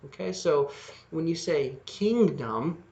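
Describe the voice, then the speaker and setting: Male music teacher, patient and explanatory, gravelly voice, muffled lo-fi sound. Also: a little high, lively intonation, takes it slowly, a little mellow. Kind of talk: video lesson on lyric writing.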